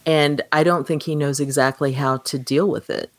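A woman's voice: deep voice, moderate pace, no room sound. A woman co-hosting a podcast, talking through a film in casual chat and acting out the characters' lines as she goes. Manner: animated, acts out quoted lines. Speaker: podcast co-host.

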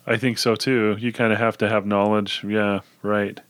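Guy co-hosting a book chat, super deep voice, agreeable, dry sound. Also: little pitch movement, normal speed, a bit bright, no echo. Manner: agreeable, thinks aloud with restarts. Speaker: podcast co-host. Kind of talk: casual book discussion.

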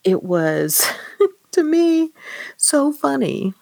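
A woman's voice: high voice, very animated, drawn-out words, creaky, dark tone, no echo. A woman hosting a podcast, chatting casually and with amusement about a novel and reading passages aloud. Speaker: podcast host. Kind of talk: casual book discussion.

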